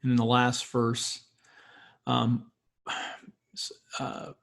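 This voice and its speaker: A man lecturing as a biblical studies professor, slowly reading and explaining a Hebrew text word by word. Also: mid-range voice, completely flat delivery, vocal fry, fairly bright tone. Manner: slow, thoughtful, pauses on words.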